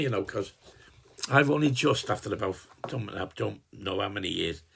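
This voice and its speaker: An old man playing Jim Royle, gravelly and husky. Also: lowish voice. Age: 80s. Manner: rambling and chatty, swears casually, trails off and restarts. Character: gruff, cheeky old working-class dad, all-knowing boaster. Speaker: sending a personalized Christmas video greeting. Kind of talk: rambling in-character comic monologue.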